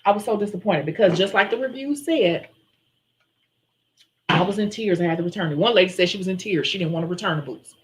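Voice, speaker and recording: A woman's voice: mid-range voice, quick pace, slight background noise, poor audio. Chatty woman hosting a nail live stream. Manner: chatty, animated storyteller who acts out her own quotes. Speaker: nail tech and channel host. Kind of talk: casual live-stream chat and storytelling.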